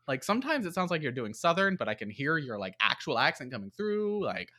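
A man's voice: fairly high pitch, sing-song, fairly quick, pushed and bright. A man casually reviewing a movie on a podcast, rambling with lots of fillers. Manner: rambling, many fillers and likes. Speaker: podcast co-host.

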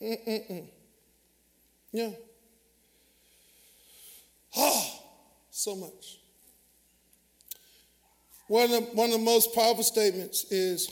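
A man preaches in a large church sanctuary, his voice sitting unusually high for a man. He trades lines with the congregation in a lively, conversational way. Long reverb from the hall trails each phrase. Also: drawn-out words, long pauses. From Southern US. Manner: call-and-response preaching, animated and conversational. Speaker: pastor. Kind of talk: sermon.

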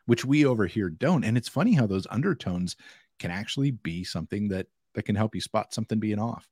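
A man's voice: fairly low pitch, animated, brisk, darkish tone, no echo, studio quality. An American man co-hosting a casual podcast chat, joking and acting out quoted lines. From United States. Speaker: podcast co-host.

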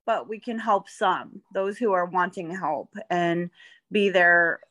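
A woman's voice: on the low side, takes it slowly, fairly bright tone. A woman co-host and coach, talking in a reflective, chatty way with frequent restarts. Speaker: podcast co-host, life coach. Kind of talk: casual chat.

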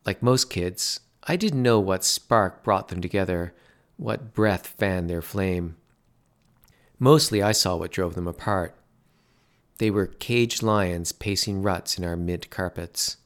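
A man narrating a story in a measured, dry way. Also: low voice.

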